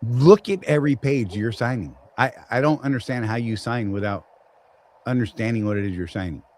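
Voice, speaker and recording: A man's voice: mid-range voice, fairly quick, darkish tone, rough recording. Joking Southern man hosting a live chat. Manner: joking, rambling, teasing. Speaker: show host. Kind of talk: casual live-stream chat.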